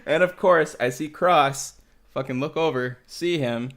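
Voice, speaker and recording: A man's voice: on the high side, unhurried. A man hosting a casual podcast, telling military stories with heavy swearing and frequent laughter. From United States. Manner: profane, animated storytelling with laughter. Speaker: podcast host. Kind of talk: casual storytelling chat.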